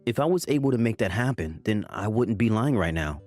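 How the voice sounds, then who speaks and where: A man's voice: fairly low pitch, expressive, brisk, a little mellow, faint music behind, natural voice. Man playing a defensive, evasive husband. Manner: defensive, placating. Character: defensive, evasive husband trying to please his mother.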